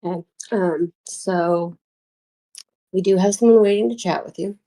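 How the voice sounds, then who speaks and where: Hesitant woman producer with a gravelly low voice. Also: unhurried, dark tone, rough recording. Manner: hesitant, lots of ums. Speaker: show producer. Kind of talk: casual live-stream chat.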